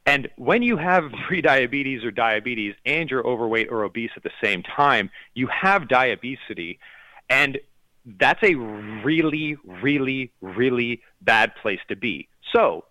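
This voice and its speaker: Bright, forceful man explaining with urgency. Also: mid-range voice, lively intonation, measured pace, no echo, poor audio. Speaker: health expert guest. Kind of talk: explanatory interview talk.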